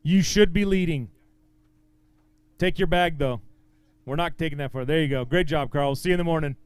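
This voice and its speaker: Upbeat high-voiced man announcing a weigh-in. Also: smooth, dry recording. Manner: upbeat, encouraging, quick banter with anglers. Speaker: tournament weigh-in emcee.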